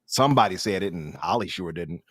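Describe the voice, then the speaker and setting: A man hosting a casual podcast chat, talking in an opinionated, animated way and often restarting his sentences. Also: low voice, brisk, dry recording, studio quality. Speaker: podcast host.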